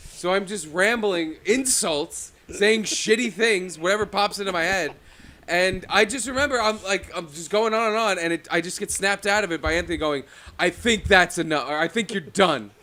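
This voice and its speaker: A man's voice: sits high, moderate pace, pushed and bright. A man co-hosting a podcast, telling a story in a rambling, profane, self-mocking way. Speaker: podcast co-host. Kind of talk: casual storytelling. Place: studio.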